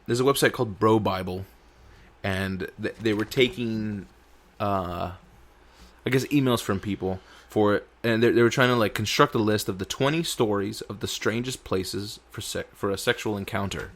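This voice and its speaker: A man co-hosting a podcast in casual chat, crude and animated, swearing a lot and tripping over his words. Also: fairly low pitch, normal speed. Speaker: podcast co-host.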